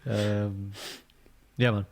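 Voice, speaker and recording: Lively man telling stories. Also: drawn-out words, vocal fry. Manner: animated storytelling, acts out quotes in a high voice. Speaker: podcast co-host. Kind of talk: casual chat.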